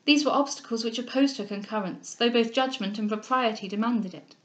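High-voiced woman reading a novel aloud. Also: a little fast. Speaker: reader of novels. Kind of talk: audiobook narration.

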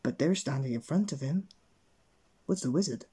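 A man reading a bedtime story aloud in a gentle, expressive way. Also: medium pitch, moderate pace, husky.

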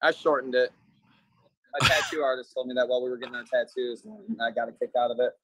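A man's voice: mid-range voice, fairly even intonation, fast, sharp tone, no echo, low-quality recording. Rambling man on a video call. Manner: long-winded, meandering, filler-heavy. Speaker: defendant in a court hearing. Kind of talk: rambling joke storytelling.

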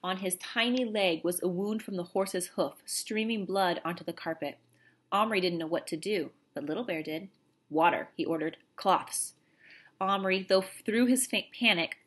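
A woman reading a children's novel aloud in a steady storytelling voice. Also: mid-range voice, husky. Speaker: reader.

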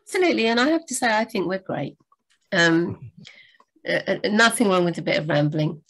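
A woman co-hosting a live writing Q&A over a video call. Her voice sits a little low, and she talks in a chatty, rambling way, full of restarts and sudden animated leaps upward. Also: moderate pace. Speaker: book editor and co-host. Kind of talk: live Q&A chat.

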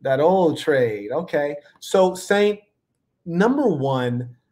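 A man's voice: a little high, animated, slow pace, warm tone. A man hosting a live reaction stream, talking in a laid-back, playful, slang-heavy way. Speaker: livestream host. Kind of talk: casual live reaction commentary.

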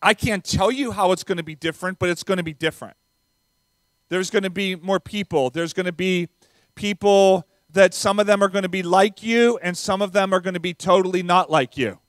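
A man with a non-Southern American accent preaches in a high, light voice. His style is conversational, with small fillers, and the sound is dry and close. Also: a little fast, dry recording. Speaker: visiting pastor. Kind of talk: sermon. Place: church sanctuary.

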